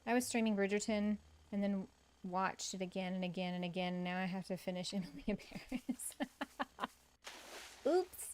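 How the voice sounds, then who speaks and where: A woman chats her way through a cozy game stream, answering viewers and laughing easily. Her talk is loose and conversational, with quick asides. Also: medium pitch, a little mellow, clear, resonant tone. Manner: chatty, laughs often, reads and answers chat. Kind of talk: casual gaming stream chat.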